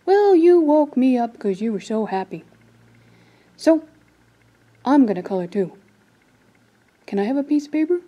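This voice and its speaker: A woman voicing a grumpy male bear just woken from his sleep, talking loudly and whinily. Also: high-pitched, big pitch swings, normal speed, long pauses, dull audio. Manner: loud, whiny complaining.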